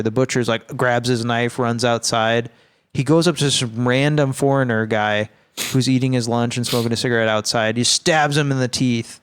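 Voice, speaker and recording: A man's voice: medium pitch, clear, resonant tone. A man co-hosting a podcast, casually recapping a film in a rambling, profane, laid-back way. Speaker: podcast co-host.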